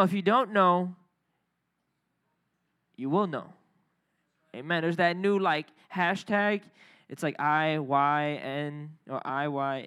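A young adult man preaching a sermon, energetic and playful, calling out to the congregation. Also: a little high, slow, long pauses, clear, resonant tone. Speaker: pastor.

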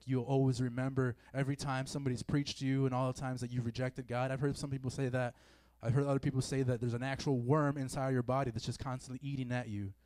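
A man's voice: medium pitch, a little mellow, no room sound. A man giving a casual sermon to a youth group in a meeting room, chatty and full of fillers. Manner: conversational, filler-heavy, acts out quoted feelings. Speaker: youth preacher. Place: meeting room with a live audience.

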